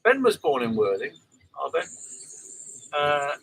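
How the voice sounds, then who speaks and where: A man's voice: fairly high pitch, big pitch swings, takes it slowly, creaky, fairly bright tone, slightly rough, poor audio. An older man hosting a live stream, chatting casually and rambling through viewers' comments with plenty of fillers and restarts.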